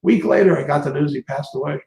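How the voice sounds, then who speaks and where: Keep it friendly and gravelly, sir, a host swapping stories who laughs easily. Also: male voice, on the high side, quick pace. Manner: chatty, laughs often, animated storytelling. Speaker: interview host. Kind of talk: casual interview chat. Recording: echoey room.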